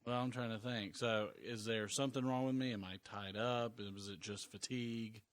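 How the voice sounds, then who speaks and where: A man playing a tabletop game, thinking aloud in a measured, hesitant way. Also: fairly low pitch, steady tone. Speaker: player.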